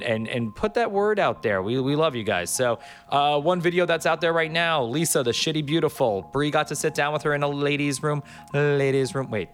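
A man from Miami Beach hosting a podcast, talking in a loose, rambling, joking way with lots of fillers. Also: medium pitch. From Miami Beach, Florida. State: a bit under the weather. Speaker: podcast host. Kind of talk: casual podcast chat.

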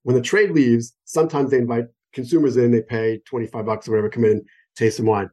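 A man's voice: mid-range voice, steady tone, fast talker, mellow. An American man, a wine expert guest on a phone call, explaining in an enthusiastic, digressive way with many examples. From United States. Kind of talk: conversational interview explanation.

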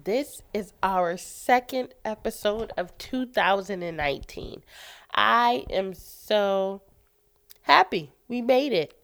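A woman's voice: medium pitch, animated, takes it slowly, a bit bright. A woman hosting a faith podcast, talking earnestly and encouragingly while stuffy from a cold. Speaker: podcast host. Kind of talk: casual faith podcast talk.

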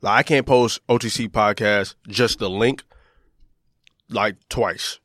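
A man's voice: on the low side, slow pace, fairly bright tone, no echo, studio quality. A man hosting a casual podcast, talking in a loose, rambling way. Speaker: podcast host.

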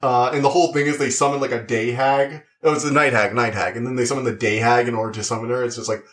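A man's voice: mid-range voice, steady tone, fast talker, a bit bright. A young man talking through a show review in casual chat, rambling and full of likes and uhs.

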